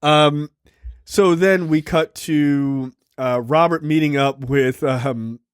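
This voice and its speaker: A man's voice: a little high, takes it slowly, clear, resonant tone, no echo, clean studio sound. A man co-hosting a podcast, casually recapping a film with lots of fillers and playful acted quotes. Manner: animated retelling with many fillers and acted quotes. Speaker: podcast co-host. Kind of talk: casual film review chat.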